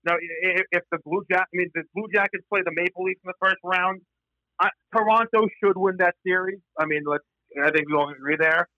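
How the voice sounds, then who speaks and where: A man's voice: sits high, steady tone, bright, forceful tone, no room sound, dull audio. A man talking hockey in a casual panel chat, stumbling and restarting as he argues his points. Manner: halting, many restarts.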